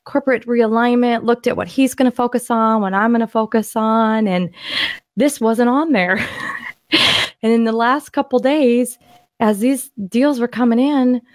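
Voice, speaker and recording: A woman co-hosting a podcast, excitedly walking through property deals on screen in a casual, rambling way with frequent restarts. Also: on the high side, measured pace, no echo. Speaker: podcast co-host and land investor. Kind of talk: casual screen-share deal walkthrough.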